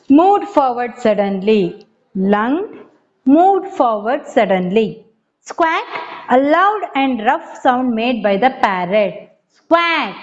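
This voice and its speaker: A woman with an Indian English accent, a primary school teacher giving a revision lesson, spelling words out letter by letter and calling to the children. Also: sits high. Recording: dull lo-fi recording.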